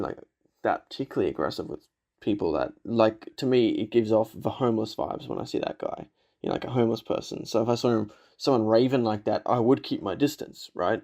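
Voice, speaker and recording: A man's voice: on the low side, darkish tone. A man giving a casual movie reaction commentary, laughing often, swearing and filling with "like" and "you know".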